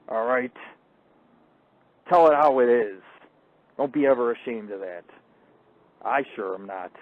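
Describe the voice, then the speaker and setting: Brash, foul-mouthed male radio host rambling through boastful stories, loud bursts then low mutters, thin phone-line sound. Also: measured pace, pauses often, dry recording. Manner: crude, profane, boastful storytelling. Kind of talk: rambling live call-in radio monologue.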